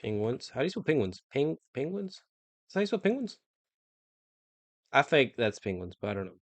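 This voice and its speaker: Very animated and fairly quick, a young man with a somewhat high voice live-streams himself on a football quiz, in a dry recording. He mutters along and swears whenever an answer escapes him.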